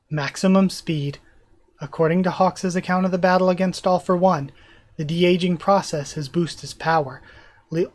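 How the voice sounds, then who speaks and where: A man's voice: on the high side, a little mellow. Emotional man reading a comic aloud. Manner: emotional, stumbles and corrects himself while reading. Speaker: YouTuber.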